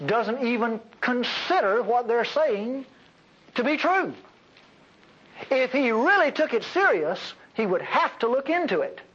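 A man preaching a sermon in a high, husky voice. He is emphatic, with sudden loud bursts and then quiet, low asides. The recording sounds dull and lo-fi.

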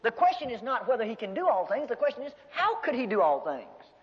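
High-voiced preacher in an echoing hall. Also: male voice, brisk. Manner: animated, folksy storytelling with humor. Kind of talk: sermon. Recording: dull lo-fi recording in a reverberant hall.

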